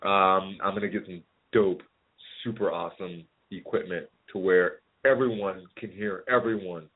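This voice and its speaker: A man's voice: sits low, steady tone, normal speed. A man hosting a casual podcast, rambling and joking with friends and laughing often. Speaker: podcast host. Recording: phone-like narrow sound.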